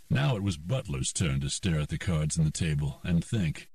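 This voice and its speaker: Deep male audiobook narrator, slow and expressive, dry slightly distant recording. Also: no room sound. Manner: steady, unhurried storytelling. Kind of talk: scripted narration.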